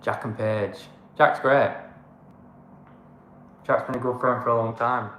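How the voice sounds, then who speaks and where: A man's voice: mid-range voice, steady tone, measured pace, a bit bright. Man, northern English accent, blunt, ranting, casual livestream, roomy echo. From northern England. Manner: blunt, ranting, fond of moaning. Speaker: co-host of a travel channel.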